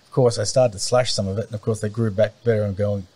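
Talking very fast, this farm owner gives an interview in a lowish, steady voice that's warm and slightly rough. He's casual and rambling, full of fillers and false starts. The audio comes through a remote call mic that cuts in and out.

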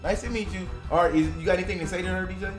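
A woman doing excited gameplay commentary as a family YouTuber playing a video game with her child. She talks loudly and jumpily, often yelling in fright and chatting to her viewers. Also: lowish voice, racing. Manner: jumpy and loud, shrieking and yelling when scared, chatting to viewers. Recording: roomy sound with game music behind.

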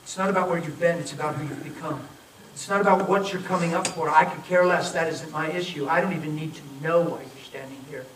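A man preaching a sermon, telling a story and acting out the voices in it, then softly pleading with people to come forward. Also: on the high side, fairly even intonation, fast, few pauses. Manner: storytelling, acts out quoted voices, urgent then soft pleading. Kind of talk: sermon with altar call. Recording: echoey, from far off, faint noise.

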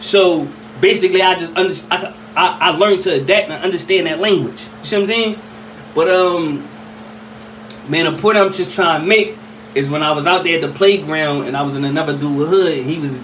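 A man's voice: a little high, a bit bright. A young man from Philadelphia telling a street story casually, rambling with street slang and constant "you know what I mean". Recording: slightly distant mic with faint ambient noise.

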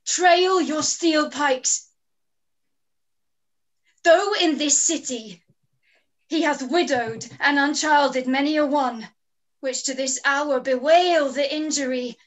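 This is a proud warrior general, full of sorrow over a fallen rival. The delivery is high and unhurried, set out as careful verse in a Shakespeare reading held over a video call. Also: female voice. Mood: solemn, sorrowful. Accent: British. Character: grieving male enemy general, proud warrior.

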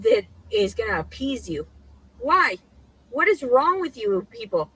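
A woman's voice: high-pitched, expressive, a little slow, pushed and bright, low-quality recording. A woman in a heated rant, agitated and stammering, swearing constantly. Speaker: woman filmed in her own posted videos.

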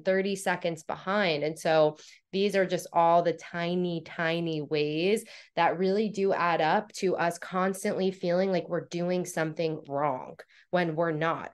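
A young woman guest on a podcast, chatting casually and acting out her own inner dialogue in animated stories. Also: lowish voice. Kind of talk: casual conversational storytelling.

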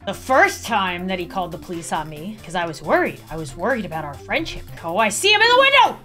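Lively, bright-voiced woman gaming host. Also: fast talker, faint music behind. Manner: playful, theatrical swings from squeals to low creepy murmurs; plays a clingy, creepy old friend for laughs. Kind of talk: let's-play commentary.

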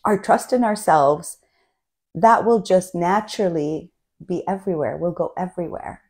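A woman's voice: fairly low pitch, normal speed, darkish tone. A woman spiritual coach giving an enthusiastic, casual talk about self-love and collective energy, often checking in with "right?".

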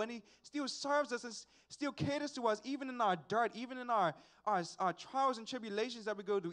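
A young man from Bermuda speaks in a notably high register as he preaches. He tells his story in an earnest, relaxed way, chuckling now and then as he leads into a spiritual lesson. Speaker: young preacher at a graduation service. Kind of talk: personal testimony sermon.

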